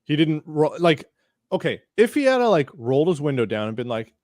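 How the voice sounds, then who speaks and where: A podcast host tells a rambling anecdote in casual conversation, restarting often and acting out quotes. His voice is a little high and darkish, with a sing-song lilt and a slightly quick pace. The studio recording is clean, with no room sound.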